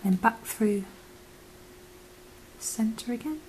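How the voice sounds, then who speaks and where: A woman teaching crochet step by step, talking softly and often dropping to a whisper while she works, as if losing her voice. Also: a little high, animated, takes it slowly, slight background noise, low-quality recording. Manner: soft, half-whispered instructions while working. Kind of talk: step-by-step craft tutorial.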